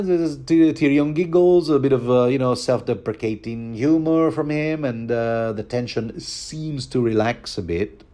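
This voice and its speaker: A man's voice: mid-range voice, dark tone. A man giving a rambling, chatty book commentary, joking and chuckling as he goes. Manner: rambling, chuckling, many fillers and restarts.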